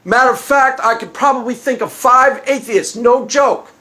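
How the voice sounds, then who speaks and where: High-voiced man giving blunt opinionated commentary. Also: moderate pace, sharp tone. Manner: blunt, mocking, emphatic with repeated phrases. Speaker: channel host.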